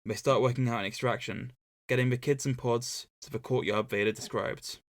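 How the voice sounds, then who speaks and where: A man's voice: mid-range voice, fairly even intonation, brisk, dry recording. A man co-hosting a casual book-club podcast, recapping a novel's plot with dry, joking asides. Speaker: podcast co-host.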